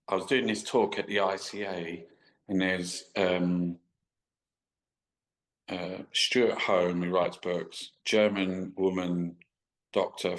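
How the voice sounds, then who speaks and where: Sweary man, low voice. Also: fairly bright tone, poor audio. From England. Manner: rambling, sweary, stop-start anecdotes. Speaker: guest artist. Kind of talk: casual storytelling interview.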